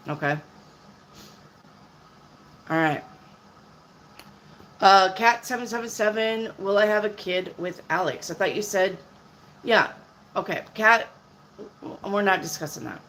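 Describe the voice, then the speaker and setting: A woman's voice: medium pitch, unhurried, long pauses, fairly bright tone, slight background noise, poor audio. A woman in her fifties, a tarot reader on a live stream, answering viewers' questions in a blunt, chatty way. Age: 50s.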